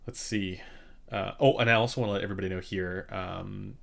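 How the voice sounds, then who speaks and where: A man hosting a casual live-stream Q&A about headphones, speaking in a relaxed, rambling way with many fillers and restarts into a slightly quiet condenser microphone. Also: low-pitched, a little fast, gravelly. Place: home room during a studio move. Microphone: studio condenser microphone, a bit quiet.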